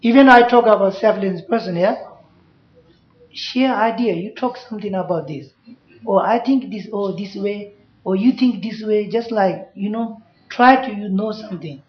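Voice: medium pitch, moderate pace. Buddhist teacher in broken English. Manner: simple broken English, frequent checks with "you know" and "yeah?". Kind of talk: Dharma class talk. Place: class room. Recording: echoey, dull room recording.

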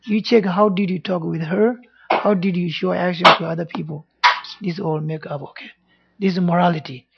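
A man's voice: high voice, fairly even intonation, normal speed, vocal fry, highs cut off, very noisy. A man who is not a native English speaker, giving an informal Buddhist talk, earnest and repetitive, often checking in with "yeah?". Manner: earnest, repeats phrases, frequent "yeah?" checks. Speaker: Buddhist teacher.

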